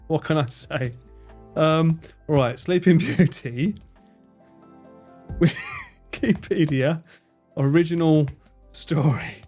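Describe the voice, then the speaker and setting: A man livestreaming a game, excitable, swearing and laughing often as he chats. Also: fairly high pitch, slow pace, pauses often, faint music behind. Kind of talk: casual gaming livestream chat.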